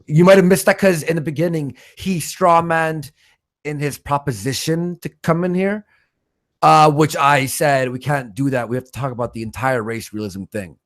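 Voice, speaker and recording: A man hosting a livestream, reading out viewer donations in a loose, profane, joking way. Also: a little high. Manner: loose and profane, quick laughs. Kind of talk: casual livestream chat.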